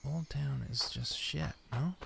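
This gameplay commentator has a medium-pitched, fairly bright voice and speaks slowly. He narrates his survival game for viewers and himself, cursing frequently, over clearly noticeable background noise.

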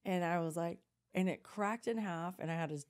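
A woman in her forties, co-hosting a podcast, tells a childhood story in a casual, animated way, laughing often and acting out what people said. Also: lowish voice, brisk. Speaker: podcast co-host.

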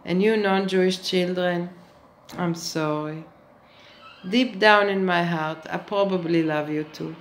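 A woman's voice: lowish voice, fairly even intonation, moderate pace, few pauses, slight background noise, poor audio. A woman giving a sarcastic monologue to camera, speaking with mock-earnest irony and addressing her viewers as children. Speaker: satirical vlogger.

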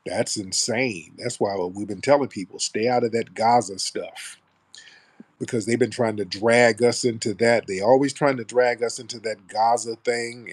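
A man's voice: mid-range voice, breathy edge. A man hosting a casual live stream, talking bluntly and sarcastically about the news. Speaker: host.

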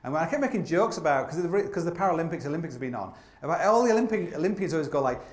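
Very fast and expressive, with a fairly high pitch, this man rambles through funny climbing stories before a live theatre audience. Fillers abound, a swear word slips in now and then, and the roomy recording carries faint noise.

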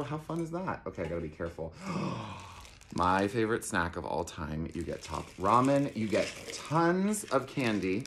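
Gushing, excitable man with a low voice. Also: noisy background. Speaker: theater camp director. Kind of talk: promotional unboxing.

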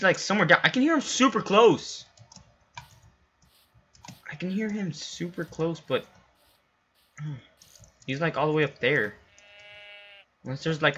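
A young man casually narrating his game session, quick to burst into shouting and cursing at the animals. His voice sits a little high with a bright, tense edge. The home mic sounds dull and lo-fi. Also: slight background noise. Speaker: gamer. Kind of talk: Let's Play commentary. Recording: lo-fi home recording.

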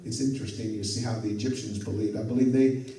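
A male pastor preaching a sermon, telling a story in a lively way, acting out the dialogue and chuckling at his own asides. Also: fairly low pitch, quick pace. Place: church sanctuary. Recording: echoey church hall from far off.

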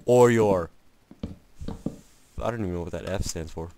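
A man's voice: low-pitched, unhurried, noisy background. A man giving casual, rambling commentary over a video game, joking at his own expense and chatting to the game itself. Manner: rambling, jokey, self-mocking; talks to himself and the game. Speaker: gameplay commentator. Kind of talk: casual let's-play commentary.

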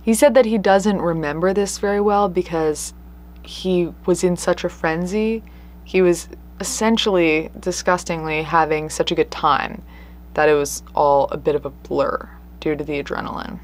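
Woman true crime narrator, lowish voice, earnest, conversational, leans hard on key words. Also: steady tone, normal speed. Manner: earnest, conversational, with emphatic stresses. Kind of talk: casual true crime storytelling.

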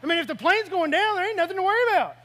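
A man's voice: extremely high pitch, animated, racing, bright, forceful tone. A man preaching a sermon as pastor, telling a personal story and acting out his own reactions along the way.

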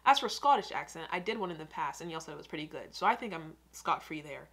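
A woman's voice: low voice, animated, fast, a bit bright, slightly rough. A young American woman hosting a reaction video, chatting casually with rambling, self-mocking asides. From United States.

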